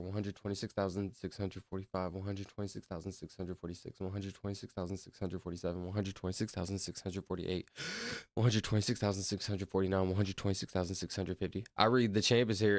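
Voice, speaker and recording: A man's voice: low-pitched, little pitch movement, quick pace, no room sound. A young man streaming, chatting casually in a rambling, slangy way and calling people bro. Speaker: streamer counting out loud. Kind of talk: casual livestream chat.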